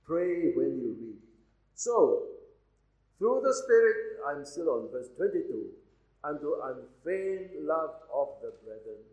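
A man's voice: on the high side, roomy sound, lo-fi sound. A man pastor preaching a sermon in a church, reading scripture aloud and urging his congregation with emphatic delivery.

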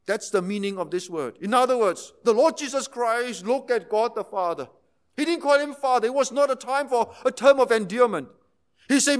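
High-voiced man preaching with passion. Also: animated, measured pace. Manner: impassioned, rising to emphatic intensity then dropping to near-hushed tones. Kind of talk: sermon.

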